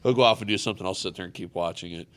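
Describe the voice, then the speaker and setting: A man's voice: low voice, rapid-fire. A man hosting a podcast, chatting casually and telling stories with jokes. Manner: joking, animated storyteller. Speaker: podcast host. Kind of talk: casual chat.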